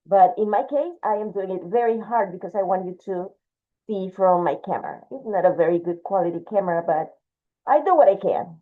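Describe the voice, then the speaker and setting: This art teacher talks briskly and expressively in a mid-range voice, demonstrating a drawing and describing it as she goes. The sound is thin and phone-like, but her patient, step-by-step explanations come through.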